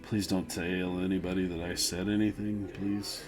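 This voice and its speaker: A man's voice: low voice, level tone, moderate pace, over music, lightly acted. A man voicing a drunk, nervous young villager who slurs and mumbles fearfully.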